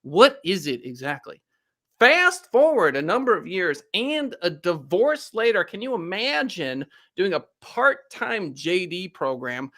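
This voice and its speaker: A man's voice: sits high, big pitch swings, a little slow, bright, forceful tone. A man hosting a podcast, introducing his guest in a showman style with a nasal voice. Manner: showman hype, big swoops. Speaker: podcast host. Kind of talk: energetic show introduction.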